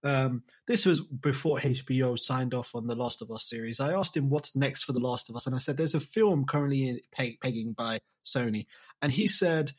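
A man's voice: mid-range voice, moderate pace. A man in casual podcast chat, telling a joking, rambling story. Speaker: podcast co-host.

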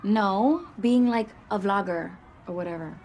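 A woman's voice: medium pitch, measured pace, a little mellow, slight background noise, natural voice. An actress playing a young woman who dreams of vlogging fame in a scripted comedy scene, talking earnestly. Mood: dreamy.

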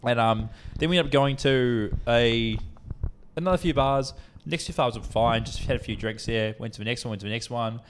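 On a podcast he co-hosts, a young man tells a drawn-out, rambling tale full of profanity and performed quotes. His voice sits at a medium pitch, the pace is moderate, and there's slight background noise in this relaxed storytelling chat.

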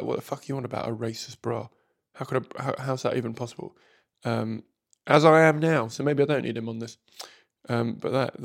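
A man reads online posts aloud in a loose, casual chat, trailing into muttered asides and hesitant fillers. His voice has a gravelly fry to it, and he swears freely. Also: mid-range voice. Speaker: streamer reading Reddit posts.

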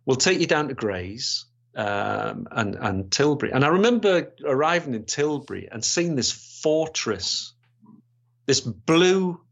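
A man's voice: mid-range voice, big pitch swings, measured pace, creaky, a bit bright. Older man, rambling recollections. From Gateshead, England. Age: 60s. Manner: rambling, many restarts and fillers. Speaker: retired police inspector. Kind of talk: storytelling interview. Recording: slightly dull, lo-fi sound.

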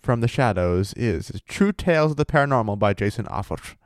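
A man's voice: lowish voice, animated, brisk, dry recording. Laid-back swearing man, dry close sound. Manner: laid-back, profane, laughs often. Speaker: podcast co-host reading a paranormal story. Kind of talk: casual chat with read-aloud passages.

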